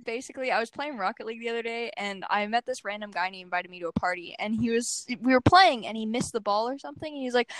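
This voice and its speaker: A woman's voice: fairly high pitch, fast, few pauses, a bit bright, slight background noise, poor audio. A woman from the United States, chatting and telling stories with frequent laughs on a casual podcast. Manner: giggly, chatty storyteller. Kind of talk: casual chat.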